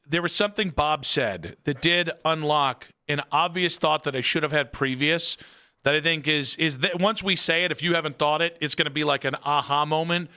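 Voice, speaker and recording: An American sports radio host with a bright, ringing voice that sits a bit high. He talks in playful, jokey studio banter. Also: normal speed, clear, resonant tone.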